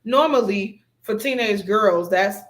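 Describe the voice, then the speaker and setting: A co-host in a casual TV recap chat, speaking in a thoughtful, measured way with hesitant pauses. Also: medium pitch, a little hiss or hum.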